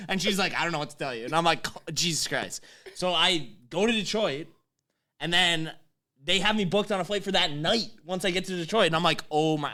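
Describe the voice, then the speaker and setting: A man in his twenties telling a story in casual chat, animated, swearing and laughing as he goes. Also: a little high. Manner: animated, swears often, laughs mid-sentence.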